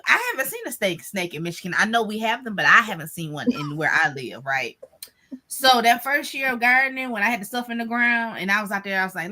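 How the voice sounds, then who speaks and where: Woman, dramatic storyteller, bright tone, swooping lively pitch, casual chat. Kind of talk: casual chat on a garden stream.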